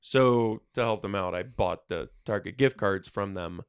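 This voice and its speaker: Lively swearing podcast host, smooth voice. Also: male voice, on the low side, measured pace, dry recording, clean studio sound. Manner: animated storyteller, swears and laughs. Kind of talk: casual podcast chat.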